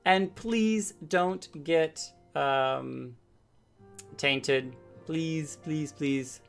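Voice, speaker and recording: A man's voice: a little high, drawn-out words, vocal fry, smooth. A man giving chatty, playful commentary over a game he is playing. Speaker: game streamer. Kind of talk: let's play commentary. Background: game music.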